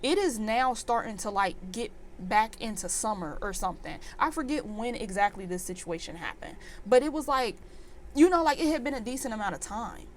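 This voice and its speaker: A woman in her twenties telling a storytime vlog in an animated, exasperated rant full of fillers. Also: on the high side, moderate pace, slight background noise. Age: 20s. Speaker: vlogger.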